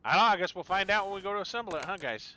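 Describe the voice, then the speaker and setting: A man's voice: high-pitched, expressive, racing, sharp tone, a little hiss or hum. A middle-aged man streaming a game, explaining engine repair to viewers in a chatty, knowing way. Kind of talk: casual gameplay commentary.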